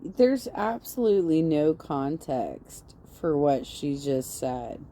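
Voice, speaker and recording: A blunt, mocking commentator talks slowly in casual reaction chat. A faint hiss of noise runs under the voice. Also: mid-range voice, big pitch swings, warm tone. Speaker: commentary streamer.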